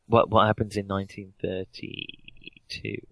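A man's voice: on the low side, flat delivery, unhurried, gravelly, fairly bright tone, dry recording, rough recording. A man running a tabletop game as game master, narrating with dry, joking asides.

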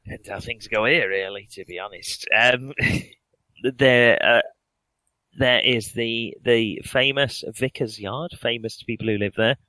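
A man's voice: medium pitch, measured pace, sharp tone, no room sound, poor audio. A man running a tabletop game as game master, narrating with dry, joking asides.

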